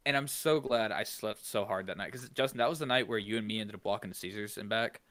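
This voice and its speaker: A man co-hosting a podcast in casual chat, telling stories in an animated, profane way. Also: on the low side, quick pace. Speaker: podcast co-host.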